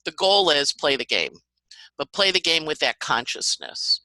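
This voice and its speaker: Animated, bright-voiced woman astrologer. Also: sits low, normal speed, dry recording, rough recording. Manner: animated, acts out little voices and sports analogies. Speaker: astrologer guest. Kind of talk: podcast conversation.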